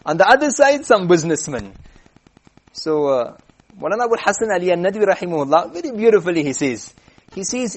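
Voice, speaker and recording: Man, preacher, sermon storytelling, high voice, animated. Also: a little fast.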